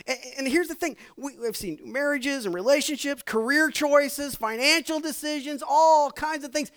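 A male pastor preaching a sermon, reading scripture aloud and then explaining it with lively, conversational asides to the congregation. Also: very high-pitched, normal speed, few pauses.

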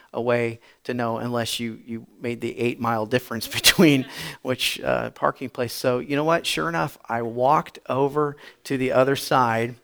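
A male pastor telling a story in a sermon, chatty and repetitive, building to loud emphatic bursts. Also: medium pitch, gravelly.

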